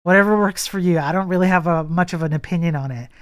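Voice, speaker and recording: A man's voice: high voice, quick pace, clear, resonant tone. A man chatting casually on a live coding stream, blunt and profane, laughing often.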